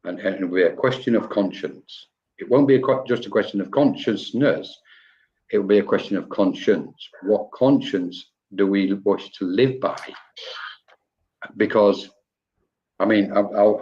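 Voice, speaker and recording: A man's voice: on the low side, moderate pace, warm tone, highs cut off. A man co-hosting a live online spiritual discussion over a video call, talking in a rambling, reflective way with frequent restarts. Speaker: co-host of a spiritual talk.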